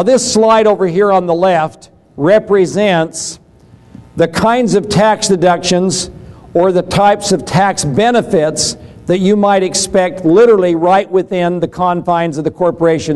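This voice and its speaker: Middle-aged male seminar lecturer, high-pitched, folksy, talks to the class and plays out quick dialogues. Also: darkish tone. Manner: folksy, acts out little dialogues. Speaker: seminar speaker on taxes.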